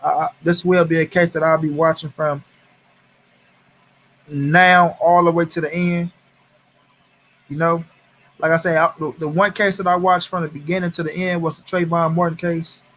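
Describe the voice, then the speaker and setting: A man's voice: a little high, flat delivery, normal speed, long pauses, a bit bright. Heated, profane man venting on a livestream. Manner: heated, profane, repeats phrases for emphasis; greets viewers in chat by name. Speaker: livestream host. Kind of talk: angry casual livestream commentary.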